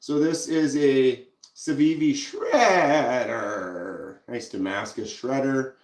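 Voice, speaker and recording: A man's voice: medium pitch, takes it slowly, echoey room. A man with a Minnesotan accent, hosting a casual live stream and chatting easily while showing pocket knives. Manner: relaxed, chatty, reads out viewer comments.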